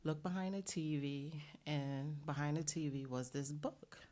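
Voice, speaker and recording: Woman, low voice, middle-aged, earnest storyteller, lots of fillers, interview guest. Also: steady tone, measured pace, dark tone. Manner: earnest, many fillers, acts out quotes. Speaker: bakery owner, guest.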